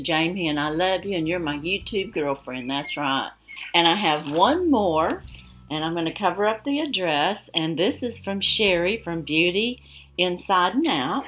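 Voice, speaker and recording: A woman's voice: fairly low pitch, fairly bright tone, slight background noise. A woman vlogging at home, chatting to viewers in a gushing, rambling way. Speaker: beauty vlogger. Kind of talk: casual chat to viewers.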